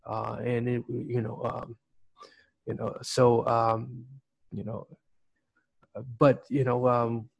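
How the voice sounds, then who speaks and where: A male podcast host giving a loose motivational talk in a voice of middling pitch. He rambles, circles back and leans heavily on fillers and repeated words. His voice is close and dry, with no room sound around it. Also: monotone, slow pace, creaky, pauses often, no echo, dull audio.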